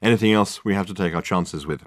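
A man doing a pompous, self-important detective, theatrical and loud, swooping up high, dry close audiobook sound. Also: quick pace, no room sound, close to an everyday voice. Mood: grandiloquent. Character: pompous, grandiloquent male detective.

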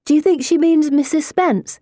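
A woman's voice: sits high, moderate pace, mellow, no room sound, studio quality, pitched above the performer's own voice, natural voice. A woman voicing a timid, anxious young woman who asks nervous questions. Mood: curious.

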